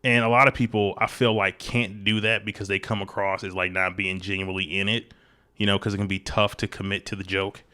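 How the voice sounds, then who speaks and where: A man with a fairly low voice hosts a casual interview. He jokes, rambles, and leans on fillers as he talks. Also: little pitch movement, brisk, bright, forceful tone, clear, resonant tone. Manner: joking, rambling, frequent fillers. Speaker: host.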